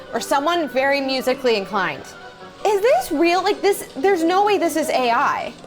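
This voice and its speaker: A young woman hosting a reaction video, chatting casually and reminiscing, easily amazed by what she sees. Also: sits high.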